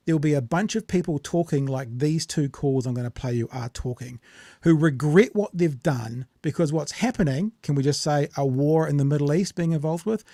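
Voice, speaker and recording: A man's voice: on the high side, mellow, dry recording, clean studio sound. A male podcast host with a New Zealand accent, explaining and introducing clips in a conversational way. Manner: conversational, explanatory, quick asides. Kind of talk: political commentary chat.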